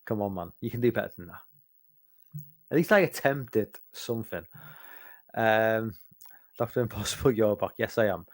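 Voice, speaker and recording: A middle-aged man from the United Kingdom, tired and fighting sleep, rambles sweary through a casual late-night Q&A stream full of restarts. He speaks at normal speed in a lowish voice with long pauses, recorded dry at studio quality.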